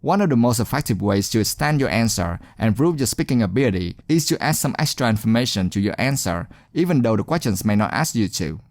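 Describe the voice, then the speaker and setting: A male teacher narrates a speaking lesson with an animated, rising and falling voice. He sounds encouraging and deliberate and leans on key words. His voice is close and dry, with no room around it. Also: medium pitch, dry recording. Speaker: English exam teacher. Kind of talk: scripted instructional narration.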